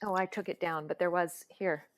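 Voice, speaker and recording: A woman's voice: lowish voice, fairly even intonation, moderate pace. A woman speaking as a voice actor guest in an interview, reflective and given to laughing. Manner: warm, reflective, laughs often. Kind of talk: conversational interview.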